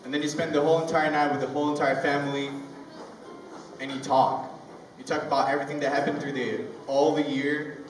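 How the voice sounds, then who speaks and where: A young man from Ukraine with a Ukrainian accent, a native Russian speaker doing stand-up at an open mic in a rambling storytelling way. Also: medium pitch. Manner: rambling, conversational storytelling with halting restarts. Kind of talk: stand-up comedy. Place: comedy club open mic. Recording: echoey room, mic far off, ambient noise.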